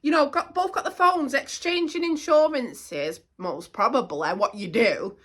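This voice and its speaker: Lady vlogging to the camera, animated and indignant, keeps repeating herself, bright sharp voice. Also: high-pitched, unhurried. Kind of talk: casual chat to camera.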